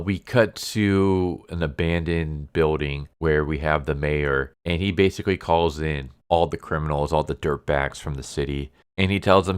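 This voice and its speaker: A man's voice: extremely low pitch, smooth, no room sound, clean studio sound. A man casually recapping a comic book issue, walking through the plot and reading characters' lines in his own everyday voice. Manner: summarizes plot quickly, reads quoted lines in a flat everyday voice.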